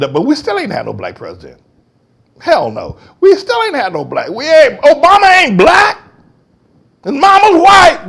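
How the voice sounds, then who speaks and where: A man hosting a talk show, delivering a fiery, mocking monologue in slangy speech that breaks into shouting. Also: a little high. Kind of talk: heated monologue.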